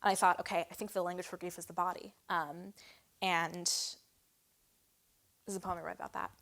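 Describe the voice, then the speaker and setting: Young woman, poet, poetry reading, measured delivery, hushed line endings, chatty asides. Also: lowish voice, level tone, gravelly. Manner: measured, with soft hushed endings and frequent fillers between poems. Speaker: poet reading her work. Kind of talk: poetry reading with spoken introductions.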